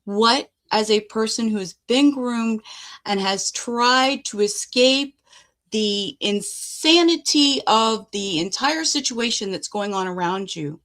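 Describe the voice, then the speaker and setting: A woman's voice: fairly high pitch, slow pace, fairly bright tone. A woman commentator speaking reflectively and asking listeners rhetorical questions.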